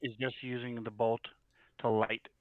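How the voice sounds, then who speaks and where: A man's voice: mid-range voice, flat delivery, moderate pace, dry recording, narrow, tinny audio. Matter-of-fact man playing a tabletop game. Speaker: player. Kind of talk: casual tabletop play.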